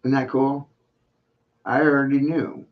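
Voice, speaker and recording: A man lecturing an unseen livestream audience in a mocking, sing-song way, circling back to the same phrases and firing off rhetorical questions. His voice sits in a middle pitch, and the stream audio is muffled and lo-fi. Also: level tone, measured pace. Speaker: livestream host. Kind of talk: taunting livestream monologue.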